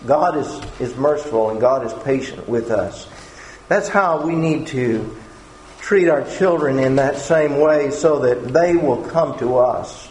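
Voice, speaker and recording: Unhurried and darkish in tone, a mid-range male voice delivers an earnest sermon. He frequently repeats himself as he hunts for the right words, and the echoey room holds faint background noise.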